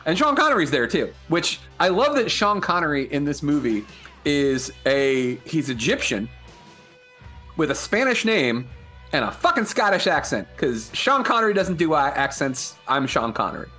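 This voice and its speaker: A man's voice: fairly high pitch, sing-song, normal speed, bright, forceful tone, soft background music. A man co-hosting a podcast in casual chat, swearing often and laughing a lot. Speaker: podcast co-host.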